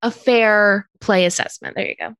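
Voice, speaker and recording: A woman's voice: mid-range voice, steady tone, moderate pace, a crowd in the background. A woman co-hosting a casual chat show, giggling often and trailing off to restart her sentences. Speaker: podcast co-host.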